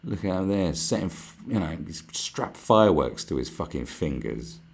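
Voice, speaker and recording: A man hosting a podcast, delivering a profane, animated ranting monologue and mocking other people's voices. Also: low voice, moderate pace, creaky, husky. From United Kingdom. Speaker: podcast host.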